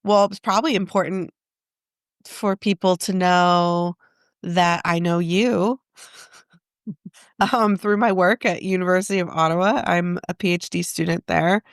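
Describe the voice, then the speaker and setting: A woman's voice: on the low side, steady tone, unhurried, clear, resonant tone, dry recording, studio quality. A woman guest in an interview, a therapist, talking in a reflective, self-questioning way and laughing often. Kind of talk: casual interview conversation.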